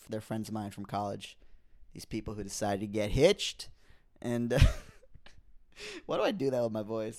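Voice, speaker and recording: A young man hosting his own podcast, rambling through a comedic rant and breaking off mid-thought before building to exasperation. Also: mid-range voice. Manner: rambling, self-interrupting, rises to animated exasperation. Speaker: podcast host.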